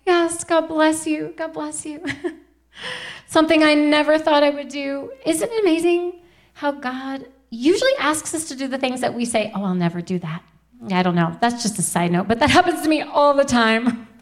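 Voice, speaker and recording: A woman in her thirties giving a heartfelt faith testimony to a live audience, earnest and chatty with laughing asides to the crowd. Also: high-pitched. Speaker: Christian speaker.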